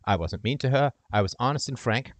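A man hosts a call-in show and gives impassioned advice, at one point role-playing a talk with the caller's brother, his volume swinging from loud to hushed. His pitch is medium and his delivery brisk, and the recording is dry.

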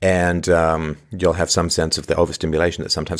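Deep-voiced guy hosting his own show, sarcastic ranting, lots of sighs and "are you kidding me" questions. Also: flat delivery, moderate pace. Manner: sarcastic, incredulous rants with rhetorical questions; sighs often. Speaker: podcast host. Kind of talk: commentary monologue.

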